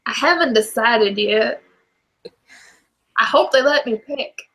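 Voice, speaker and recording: A woman's voice: on the high side, lively intonation, takes it slowly, gravelly, a bit bright. A woman player in a tabletop game, eager and giggly. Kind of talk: tabletop role-play chat.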